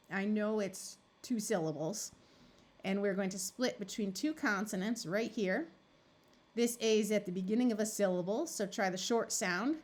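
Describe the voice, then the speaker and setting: A woman tutor walks through a reading lesson at a patient, steady pace. She sounds out words and their parts clearly. Her voice sits at an ordinary middle pitch. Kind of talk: recorded phonics lesson.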